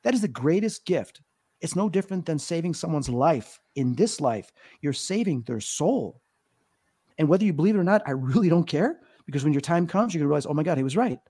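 Earnest man in his fifties, mellow voice. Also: on the high side, animated, a little fast, husky. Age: 50s. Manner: earnest, emotional storytelling with many fillers. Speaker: psychic medium guest. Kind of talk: podcast interview, storytelling.

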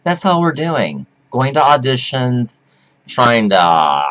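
A man rambling theatrically to his webcam at home, whooping, giggling and flipping between shrill squeals and low mutters. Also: big pitch swings, slow pace, fairly bright tone, rough recording. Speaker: performance artist vlogger. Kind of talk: rambling camp monologue to webcam.

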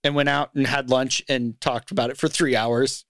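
A male podcast host talking in an easygoing, chatty way, with a middle-pitched voice. He laughs easily and trips over his own restarts. The sound is dry and close to the mic. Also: steady tone, normal speed, fairly bright tone, dry recording. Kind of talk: casual podcast chat.

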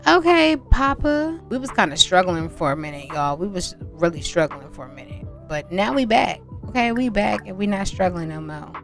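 A young woman hosting a life-sim let's-play, chatting excitedly and talking straight to her viewers. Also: on the low side, fairly quick, few pauses, over music. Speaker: gaming channel host. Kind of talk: casual let's-play commentary.

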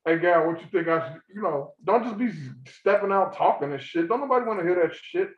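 High-voiced man ranting in an echoey room. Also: lively intonation, fairly quick. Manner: ranting, profane, swings loud and high when worked up. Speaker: podcast co-host. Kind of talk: heated casual chat. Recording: echoey room, dull lo-fi sound.

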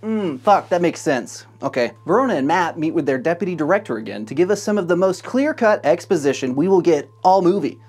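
A man's voice: fairly high pitch, lively intonation, a little fast, hardly any pauses, a little mellow, breathy edge. Male recap narrator, comedic and sarcastic, profane running commentary.

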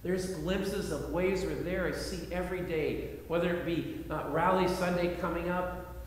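A man pastor preaching a sermon in an earnest way, repeating phrases and shifting between loud appeals and quiet reflection, in a large church sanctuary. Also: sits high, fairly even intonation, unhurried. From United States. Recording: echoey hall, faint background noise.

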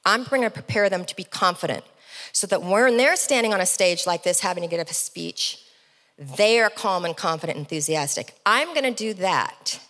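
A middle-aged woman speaking on stage into a microphone, telling stories as a lively speaker with comic asides. Her voice sits fairly low. It rings with the long echo of a large event hall. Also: moderate pace. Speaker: keynote speaker. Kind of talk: motivational storytelling speech.

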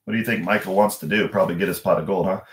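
A man reading a children's story aloud in a gentle manner, pausing to ask his young listeners questions. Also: low-pitched, steady tone. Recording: echoey room.

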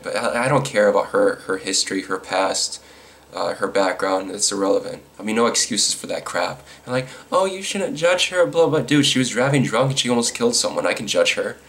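A man giving casual, rambling commentary on news stories, irritated and quick to chuckle. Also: on the low side, gravelly, fairly bright tone.

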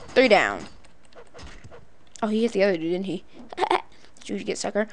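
A woman giving playful, excitable let's-play commentary, letting out cartoonish battle cries and laughs as she fights. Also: on the high side, moderate pace, long pauses. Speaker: gaming video creator.

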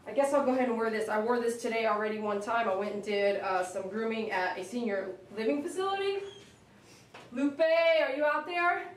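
Fast and expressive with few pauses, a woman talks emotionally to her live-stream viewers as she grooms a dog in her shop, switching to a high, coaxing voice for the dogs. It's recorded from a distance in an echoey room with faint noise.

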